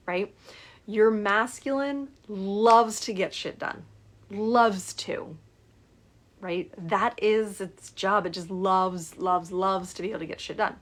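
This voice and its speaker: A middle-aged woman speaks as a coach in a relaxed, conversational way. She tells stories and slips into the voices of the people in them. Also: mid-range voice. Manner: storytelling, acts out client dialogue with lively shifts. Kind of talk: casual talk to camera.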